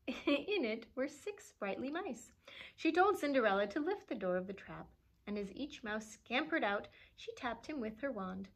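Children's librarian at story time: expressive, animated reader, slightly high voice. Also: female voice, a little slow. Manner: expressive, animated, chuckling at the pictures. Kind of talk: reading a storybook aloud to children.

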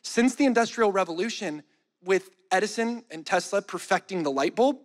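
Guy preaching, high voice, jokey and chatty, big echoey hall. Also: moderate pace. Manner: animated, joking and conversational preaching. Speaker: pastor. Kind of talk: sermon.

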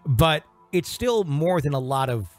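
A man's voice: fairly high pitch, lively intonation, a little slow, faint music behind. A man hosting a podcast in casual chat, joking and mimicking radio DJs. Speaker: podcast host.

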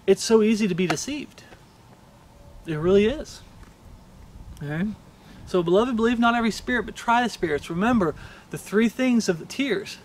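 High-pitched guy preaching, earnest, keeps saying "okay?". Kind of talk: sermon.

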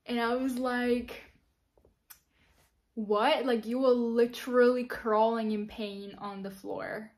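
A young woman, her voice sitting a little high, tells a personal story straight to camera. She talks casually and giggles often, leaning on fillers as she goes. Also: level tone, a little slow, hardly any pauses, darkish tone. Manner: chatty, giggly, many fillers. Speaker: vlogger.

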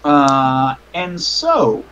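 A man narrates a tabletop horror game as game master. His voice sits high and swings widely as he goes. He rambles and fills pauses with ums and uhs. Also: smooth, rough recording. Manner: animated, rambling with many fillers.

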